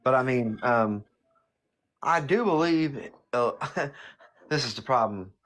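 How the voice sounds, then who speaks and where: A man's voice: medium pitch, animated, slow, a bit bright. A man in his forties calling into a livestream, hesitant and laughing nervously as he talks. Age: 40s. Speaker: caller. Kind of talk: casual conversation.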